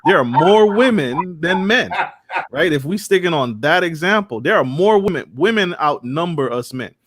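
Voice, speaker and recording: A man talking on a discussion panel, animated and often acting out other people's voices. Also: a little high, moderate pace. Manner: animated, acts out quoted voices.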